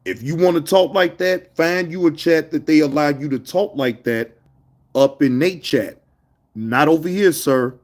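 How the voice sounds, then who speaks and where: A man's voice: fairly high pitch, unhurried, a little mellow. A man hosting a casual livestream, talking to his chat in loose slang, scolding viewers and reminiscing. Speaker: livestream host.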